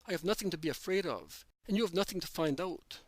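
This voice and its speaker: Judas: resentful, protesting apostle, read by a man, slightly high voice, dry recording. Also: animated, quick pace, no room sound. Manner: protesting, insistent. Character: Judas, anxious resentful adult male apostle.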